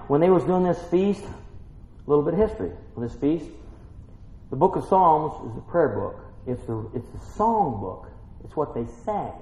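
A man preaching a folksy Bible-teaching sermon, swinging between quiet musing and excited exclaiming. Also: a little high. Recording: echoey room, muffled lo-fi sound.

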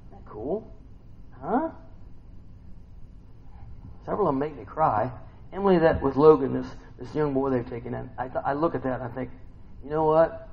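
A man giving an informal sermon to a small group. He keeps asking the listeners questions and swings between soft murmurs and loud bursts. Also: mid-range voice, moderate pace, creaky, pauses often. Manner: conversational, asks the listeners many questions. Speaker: preacher. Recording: slightly dull recording with faint noise.

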